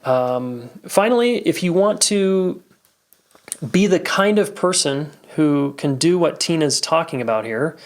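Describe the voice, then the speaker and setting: A man's voice: on the high side, lively intonation, a little slow. Upbeat coaching male podcast host. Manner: enthusiastic and coaching, checks in with "all right?"; acts out warm validating phrases while speaking. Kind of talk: casual solo outro talking straight to listeners.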